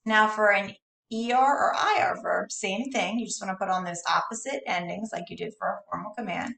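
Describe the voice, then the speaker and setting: Woman teacher, home recording, patient explainer, slightly raspy fry, set back from the computer mic. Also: mid-range voice, fairly quick, a bit bright. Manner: patient, explanatory, apologetic asides. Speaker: Spanish teacher. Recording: roomy, distant, echoey room.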